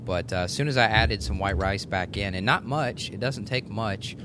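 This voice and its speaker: A man hosting a podcast who asks eager, lively questions in casual chat. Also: lowish voice, moderate pace, background noise. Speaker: host.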